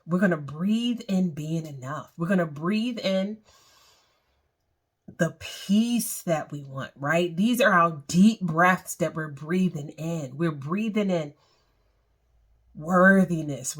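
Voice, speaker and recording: A woman leading a guided meditation, speaking in a soothing, repetitive way. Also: fairly low pitch. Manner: slow, soothing, repeats phrases.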